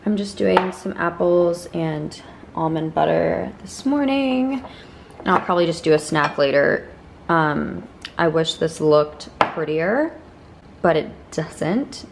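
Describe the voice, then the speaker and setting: A woman's voice: on the low side, expressive, takes it slowly, gravelly, noisy background. A woman vlogging her day in a chatty, bubbly way, full of "like" and "um". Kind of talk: casual day-in-the-life vlog chat.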